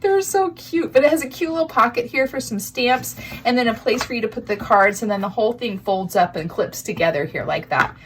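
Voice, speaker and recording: A woman hosting a crafting vlog gushes sentimentally, close to tears, as she shows handmade gifts to the camera with breathy asides. Her slightly high voice is animated and fairly quick with few pauses, over a little hiss or hum.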